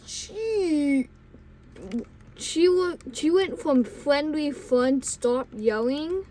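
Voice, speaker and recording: Casual vlogger, female, high voice and slow pacing. She tells a rambling story full of restarts and acts out the yelled quotes. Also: slight background noise. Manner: rambling, with many restarts and self-corrections; acts out the yelling in loud put-on quotes.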